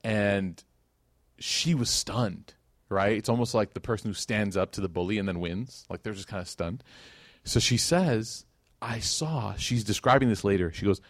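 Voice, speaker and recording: A man teaching Islamic history gives a casual religious lecture in a lowish voice at a moderate pace. He tells a story conversationally, with many fillers and acted-out quotes. The recording is dry, with clean studio sound.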